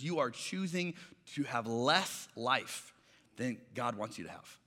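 A man's voice: mid-range voice, lively intonation, normal speed, bright, forceful tone, big-room sound. A man preaching a sermon, telling stories in a conversational way and acting out the voices of the people in them. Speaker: pastor.

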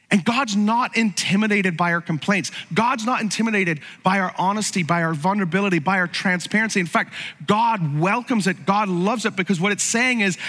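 A man's voice: high-pitched, a little fast, a bit bright, in a large hall. A man preaching a sermon in a conversational way, repeating short phrases and asking rhetorical questions. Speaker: pastor.

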